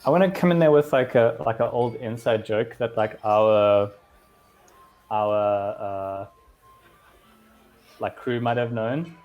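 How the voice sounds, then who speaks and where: A man playing a tabletop game, recapping in a rambling, relaxed way with fillers. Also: mid-range voice, takes it slowly, long pauses, lo-fi sound, soft background music. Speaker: player. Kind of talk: casual tabletop game chat.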